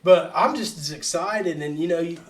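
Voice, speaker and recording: A man's voice: a little high, normal speed, a little hiss or hum. A man co-hosting a podcast, speaking reflectively in a casual chat and laughing often. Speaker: podcast co-host.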